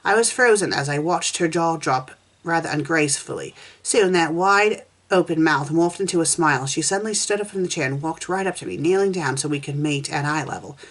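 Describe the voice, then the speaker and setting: A woman reading a first-person fan story aloud at a steady pace, with small slips and restarts as she goes. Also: low voice, brisk, few pauses. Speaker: fanfiction reviewer.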